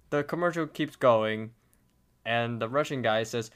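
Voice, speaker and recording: A man's voice: mid-range voice, moderate pace, fairly bright tone. A man hosting a podcast, recapping a cartoon episode in casual chat. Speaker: podcast host.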